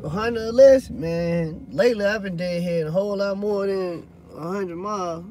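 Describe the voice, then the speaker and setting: A man's voice: sits high, normal speed, dark tone, a little hiss or hum. A man, a hotshot truck driver chatting loosely to viewers in a rambling, swearing way. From Louisiana. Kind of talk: casual vlog chat answering viewers.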